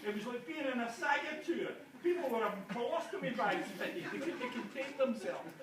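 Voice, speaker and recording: Brief: high-voiced male conference speaker, jokey and self-mocking, recorded in a roomy hall from far off. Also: animated, fairly quick, a crowd in the background. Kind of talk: comic talk to a live audience. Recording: echoey hall, distant mic, noisy room.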